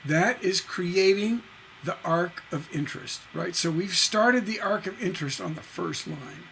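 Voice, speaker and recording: A middle-aged man teaching songwriting on a livestream, emphatic and lively, reciting and half-singing lyric lines as examples. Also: high-pitched, a little slow, vocal fry, slight background noise, rough recording. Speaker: songwriting instructor.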